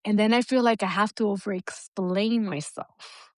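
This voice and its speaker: A woman co-hosting a podcast, talking candidly and with lots of swearing, lively when she mimics other people. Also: medium pitch, normal speed, dry recording, studio quality. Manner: candid, profane, animated when quoting others. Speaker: podcast co-host. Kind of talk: casual podcast chat.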